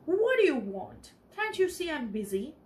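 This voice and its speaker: A fretful, exasperated male mouse newspaper editor from a children's storybook, forever at the end of his rope, read aloud by a woman. The voice is fairly high, and the pitch swings widely. The lines come out slowly. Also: sing-song, roomy sound. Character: fussy, easily flustered male mouse editor.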